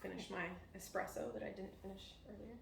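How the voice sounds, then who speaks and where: A woman's voice: medium pitch, steady tone, quick pace, vocal fry. A woman co-hosting a casual cooking demonstration, explaining things in a chatty way with frequent fillers. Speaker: cooking show co-host. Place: home kitchen. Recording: echoey kitchen with background noise.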